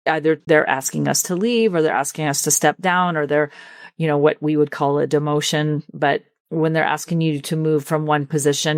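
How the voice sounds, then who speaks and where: A woman with a notably low voice hosts her own coaching podcast. She speaks earnestly and with empathy, drawing out the words she wants to land. The recording is dry and close, with no room sound. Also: dry recording. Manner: earnest, empathetic, slows down to stress points. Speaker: leadership coach and podcast host. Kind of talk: solo podcast coaching talk.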